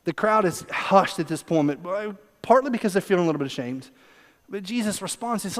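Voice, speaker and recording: A man preaching a sermon as a pastor, animated, acting out quoted voices and repeating words as he goes. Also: high voice, brisk, in a large hall. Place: church sanctuary.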